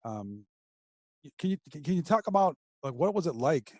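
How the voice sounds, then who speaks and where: Host: man, dry close sound, gentle halting questions. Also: fairly high pitch, big pitch swings, no echo. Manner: hesitant, gentle questioning with fillers. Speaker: podcast host. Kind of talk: casual interview.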